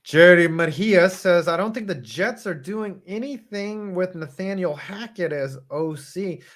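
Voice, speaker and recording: A man's voice: high voice, a little slow, fairly bright tone. A man hosting a casual sports podcast, rambling with lots of fillers and restarts. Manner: rambling, hesitant, many fillers. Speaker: podcast host.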